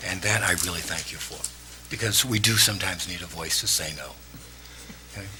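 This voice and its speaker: A man presiding over a town council meeting, speaking emotionally with many pauses and fillers as he gives farewell thanks. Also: low voice, bright, forceful tone, faint music behind. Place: town hall council chamber. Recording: noisy meeting room recording.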